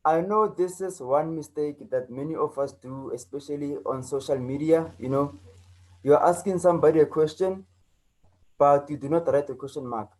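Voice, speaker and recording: South African male English teacher, mellow voice, higher than most men, repeats points for learners. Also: moderate pace, low-quality recording. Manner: repeats key points, checks in with "okay?" and "right?". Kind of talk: online lesson.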